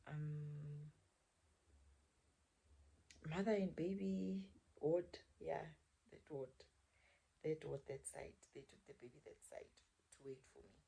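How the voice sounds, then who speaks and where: A woman's voice: low voice, steady tone, takes it slowly, vocal fry, pauses often, warm tone, husky. A young woman telling a chatty storytime to her viewers, often dropping into a whisper. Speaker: vlogger. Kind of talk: casual storytime chat.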